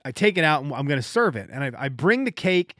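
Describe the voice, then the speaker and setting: A man in his thirties hosts a casual solo podcast, telling stories in an animated, joking way and often restarting his sentences mid-thought. His voice sits a little high and swings widely in pitch. The sound is dry and close, with almost no room echo. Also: fast talker. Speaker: podcast host.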